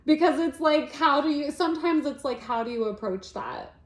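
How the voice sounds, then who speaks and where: Casting note: woman podcast co-host, slow and high-ish, laughs a lot, echoey room. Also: expressive. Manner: laughs often, many filler likes. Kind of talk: casual chat.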